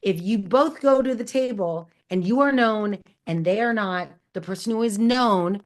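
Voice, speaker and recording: A woman's voice: mid-range voice, normal speed. A woman hosting a Q&A, giving upbeat, encouraging advice straight to her audience and calling out to them. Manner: energetic, encouraging, calls out to the audience. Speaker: host. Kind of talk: Q&A advice talk.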